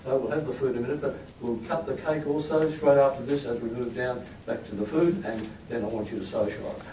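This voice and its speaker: Speaking quickly in a steady, dark-toned, mid-range voice, a man who leads an institute jokes and chats as he presents his team to a crowd at a staff event. The room is echoey, the mic is far away, and crowd noise comes through.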